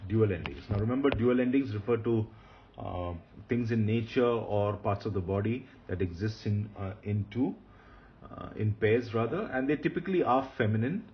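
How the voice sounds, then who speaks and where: A man teaching Hebrew grammar in a recorded lecture, patient, repeating key points and often pausing with fillers. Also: lowish voice, highs cut off, a little hiss or hum.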